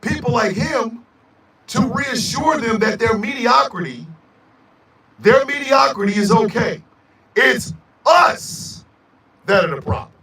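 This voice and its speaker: A man hosting a radio show, delivering a loud, profane, emphatic rant. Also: extremely high pitch, expressive, slow pace, long pauses. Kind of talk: angry ranting monologue. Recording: echoey room, mic at a distance.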